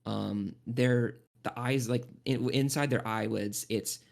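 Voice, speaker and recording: A male game master describes the scene in a loose, rambling way, stopping and restarting often. His voice is mid-pitched with a gravelly creak. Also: fairly even intonation. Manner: rambling, halting, many restarts and fillers. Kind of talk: narrating a tabletop game.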